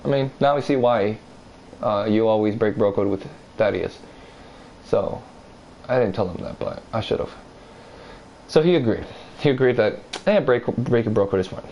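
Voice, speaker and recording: A man with a fairly low voice tells a personal story in a casual, rambling way. He swears freely and keeps circling back. When he quotes other people, he mimics them in a higher voice. A faint noise sits behind him. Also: moderate pace, long pauses, dull audio. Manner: rambling, profane, animated retelling; acts out others' lines in a higher voice. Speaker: vlogger telling a story.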